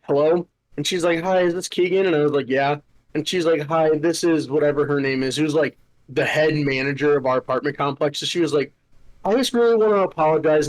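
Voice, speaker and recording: A man's voice: a little high, poor audio. A young man hosting a podcast, telling a story in a casual, exasperated rant full of swearing and filler words. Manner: profane, exasperated ranting with many filler "like"s. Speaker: podcast host.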